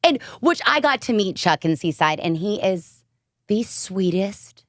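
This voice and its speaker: A woman's voice: mid-range voice, big pitch swings, unhurried, dry recording, studio quality. A woman with a Southern American accent co-hosting a podcast, gushing and giggly in casual chat. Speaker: podcast co-host.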